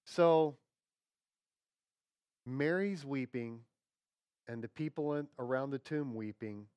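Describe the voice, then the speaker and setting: A man preaching a sermon in a conversational, folksy way, checking in with his listeners and dropping to quiet tones for emphasis. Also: mid-range voice, slow pace, clear, resonant tone, dry recording. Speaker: pastor.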